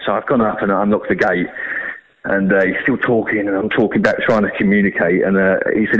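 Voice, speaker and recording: A man's voice: on the low side, steady tone, fast, fairly bright tone, muffled recording. A man, telling a long fishing story in a chatty, rambling, slangy way. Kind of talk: casual storytelling.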